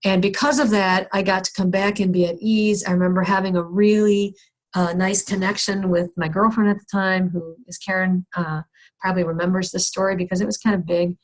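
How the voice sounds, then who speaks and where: A woman's voice: mid-range voice, level tone, a little fast. A middle-aged woman counselor telling a candid, self-deprecating personal story in a skills workshop, with many restarts and fillers. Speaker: counselor teaching a skills session.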